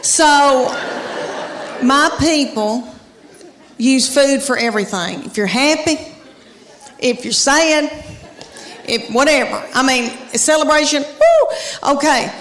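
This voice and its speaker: A woman's voice: high-pitched, takes it slowly, pauses often, a bit bright, in a large hall, a faint crowd. A middle-aged woman with a Southern US accent telling stand-up stories in a folksy drawl with mock quotes. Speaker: stand-up comedian. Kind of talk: stand-up comedy storytelling. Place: theater stage before a live audience. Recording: live show, audience noise behind. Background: audience laughter.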